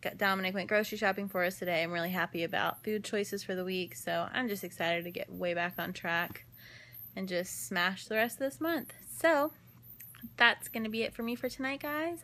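A woman's voice: medium pitch, a little fast, bright, forceful tone. A young woman chatting casually to her phone camera from her living room couch at home, upbeat and giggly. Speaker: daily vlogger. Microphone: phone camera held close.

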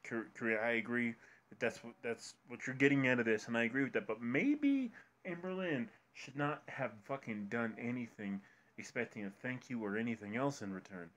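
A man's voice: mid-range voice, expressive, brisk, fairly bright tone. A man co-hosting a drama commentary, ranting furiously with heavy swearing. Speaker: commentary co-host. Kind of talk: angry reaction commentary.

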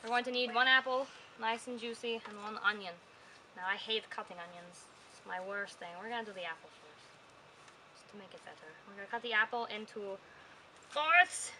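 A woman's voice: mid-range voice, animated, a little fast, sharp tone. A woman demonstrating a recipe at an outdoor grill, chatting casually and joking with the food as she works. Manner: goofy, talks to the food. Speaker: home cook demonstrating a recipe. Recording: outdoor wind and ambient noise.

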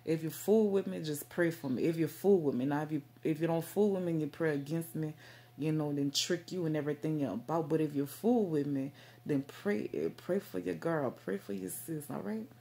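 Woman vlogger, low and gravelly, rambling casual faith talk. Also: a little fast, dark tone. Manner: rambling, repetitive fillers.

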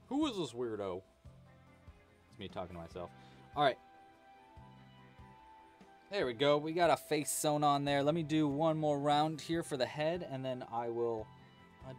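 A man hosting a casual crochet livestream, talking quietly to himself as he works and chatting with viewers, with faint music behind. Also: fairly high pitch, normal speed, long pauses. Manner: relaxed, murmurs to himself while working, chatty with viewers.

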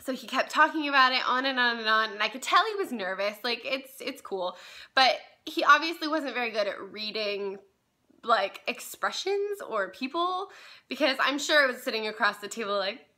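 Young woman vlogger, bright higher voice, rambling casual storytime delivery. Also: lively intonation, moderate pace. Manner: chatty, many fillers like "like" and "um", laughs at herself.

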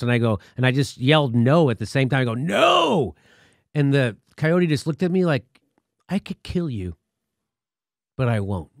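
A man's voice: on the high side, no room sound, clean studio sound. A man hosting a talk show, telling a story casually and acting out what people said, with swearing. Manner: animated, acts out quotes with profanity. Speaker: show host.

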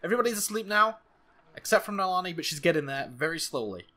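A gaming channel host giving excitable, jumpy let's-play commentary, with frequent laughs and sudden exclamations. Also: mid-range voice, fast talker.

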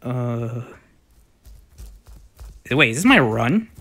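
A young man giving casual, rambling gameplay commentary with lots of fillers and sudden excited outbursts. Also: medium pitch, very slow. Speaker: gaming YouTuber.

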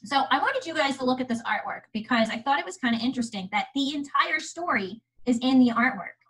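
Husky woman, museum educator, animated kids' storytelling, slightly high voice, chatty. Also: brisk, poor audio. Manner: animated, chatty, asks the audience questions. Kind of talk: storytelling lesson for children.

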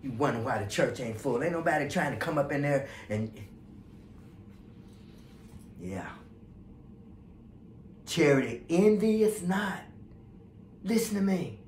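High-voiced preacher man in an echoey church. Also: very animated, slow, pauses often, slight background noise. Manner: fervent preaching that swings from hushed to loud. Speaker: pastor. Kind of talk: sermon. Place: church sanctuary.

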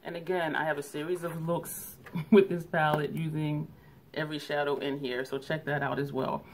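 A woman's voice: low voice, flat delivery, moderate pace, background noise. A woman reviewing her eyeshadow palettes in a chatty, casual way, laughing often and correcting herself. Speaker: beauty vlogger.

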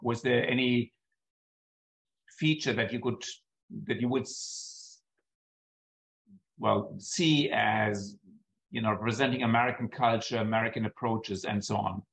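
A man's voice: mid-range voice, measured pace, a bit bright, rough recording. A man moderating a seminar over a video call, reading out questions hesitantly with frequent ums.

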